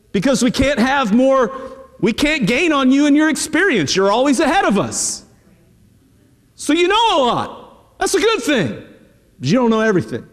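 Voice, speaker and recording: A middle-aged man preaching from the pulpit, his voice sitting high for a man. He talks to the congregation plainly and directly, often leaning on a quick "hey." The sound rings with the long reverb of a church sanctuary. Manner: conversational preaching, repeating "hey" and direct address. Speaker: pastor. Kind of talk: sermon.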